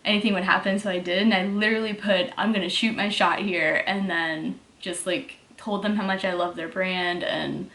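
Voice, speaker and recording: A young woman, a fitness vlogger with a mild Texas accent, chats through viewer questions in a casual Q&A vlog, filling her speech with "like." She speaks at normal speed with few pauses, in a medium-pitched, slightly bright voice with fairly even intonation. The audio is reverberant.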